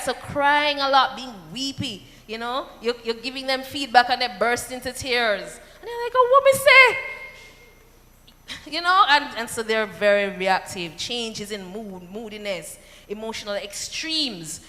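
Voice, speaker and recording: Jamaican woman, fairly high and bright, animated seminar speaker, reverberant hall. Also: unhurried. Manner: lively, animated, acts out quotes, rhetorical asides. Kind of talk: seminar talk to parents.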